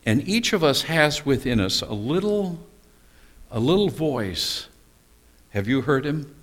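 A man's voice: on the high side, very animated, measured pace. A male pastor preaching a sermon, telling stories and asking rhetorical questions with small humorous asides.

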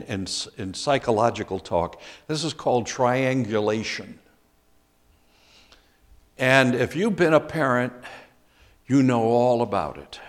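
A man teaching a Bible class in a conversational way, asking the group questions as he explains scripture. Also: medium pitch.

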